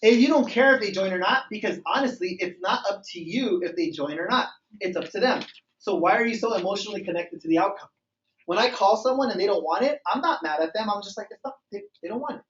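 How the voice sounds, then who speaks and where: A man giving an energetic sales training talk to a group in a meeting room, acting out phone calls and dialogues. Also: high voice, fast talker. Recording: echoey room, far from mic, dull sound.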